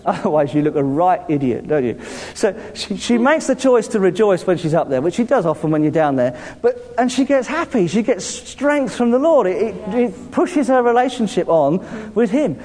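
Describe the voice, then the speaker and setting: A man with a southern English accent preaching a sermon to a congregation in a church hall. He talks in a lively way, laughs often and calls out to the room for responses. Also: sits high, moderate pace, few pauses. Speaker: pastor. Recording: long reverb of a church hall.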